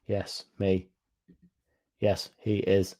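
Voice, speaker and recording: Sweary lad, mellow voice. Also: male voice, low-pitched, monotone, very slow. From England. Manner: chatty, sweary, reads comments aloud. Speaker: fan channel host reading live chat. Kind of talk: casual live-stream chat.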